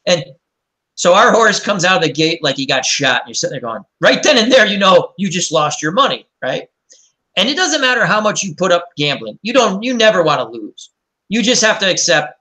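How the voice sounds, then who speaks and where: A man's voice: sits high, big pitch swings, moderate pace, bright, forceful tone. A man hosting a casual chat and telling rambling, anecdotal stories. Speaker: host.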